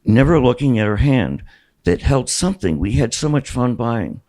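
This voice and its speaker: Gravelly-voiced older man reading his memoir. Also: medium pitch, big pitch swings, normal speed, darkish tone, low-quality recording. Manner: storytelling, wry, with small restarts. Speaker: author. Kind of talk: memoir reading at a bookstore event.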